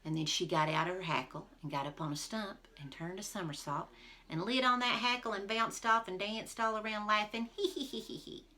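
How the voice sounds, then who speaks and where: Woman teacher, storybook read-aloud, expressive, speaks to listeners, bright voice. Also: medium pitch, moderate pace. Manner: expressive, addresses listeners directly.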